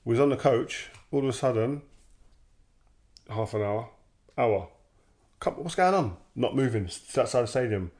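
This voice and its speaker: A man, a former footballer telling stories in casual chat, animated, laughing and acting out quoted dialogue. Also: mid-range voice, normal speed, pauses often.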